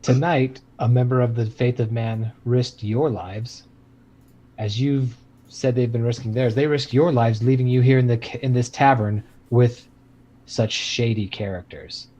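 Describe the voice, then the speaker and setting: A man's voice: mid-range voice, steady tone, unhurried, mellow. A man playing a tabletop game who makes pointed accusations in character. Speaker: player.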